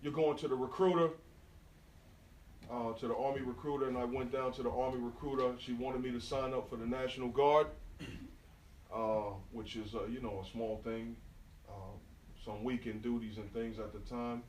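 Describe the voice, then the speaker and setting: With a medium-pitched voice at a normal pace, a middle-aged New York graffiti artist tells lively, slangy stories to a live indoor audience and speaks to them directly. The event-venue recording is distant and roomy, taken on a smartphone from the crowd, with slight background noise.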